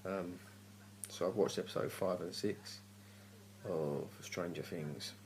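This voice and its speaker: A man's voice: low voice, fairly even intonation, takes it slowly, darkish tone, a little hiss or hum. A man giving a casual, grumpy TV review, ranting and swearing in exasperation. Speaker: TV review vlogger. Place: home at night.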